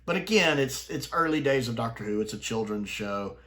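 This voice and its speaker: A man's voice: medium pitch, expressive, a little fast, sharp tone. A man giving casual, enthusiastic review commentary, chatty, with fillers and restarts. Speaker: sci-fi reviewer.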